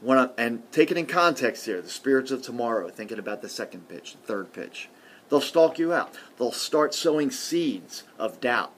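A man's voice: medium pitch, animated, moderate pace. Man preaching a conversational sermon. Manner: conversational, with frequent "see" and "okay" asides; swings between loud emphasis and quiet murmurs.

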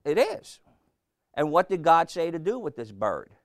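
A man's voice: fairly high pitch, wildly swooping pitch, a little slow, no room sound, studio quality. A man preaching a sermon, emphatic and rhetorical, firing questions at the congregation and repeating phrases for effect.

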